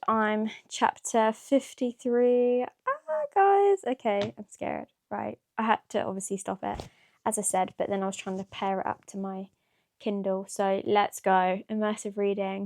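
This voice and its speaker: A woman vlogging her reactions to a novel, chatty and excitable, gasping and exclaiming, full of "like" and "what the hell". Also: medium pitch, no room sound, studio quality. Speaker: book vlogger. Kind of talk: casual reading-reaction vlog.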